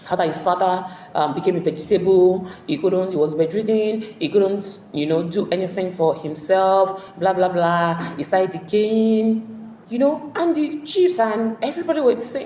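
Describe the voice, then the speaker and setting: A woman walks through a play's plot in a relaxed teaching manner, slipping into the characters' voices for their quoted lines. Her voice sits at an ordinary middle pitch. The room gives it a noticeable echo, with a faint hiss behind it. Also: normal speed. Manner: animated storyteller acting out quoted characters. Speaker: literature tutor. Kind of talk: casual retelling of a play summary. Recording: echoey room with faint ambient noise.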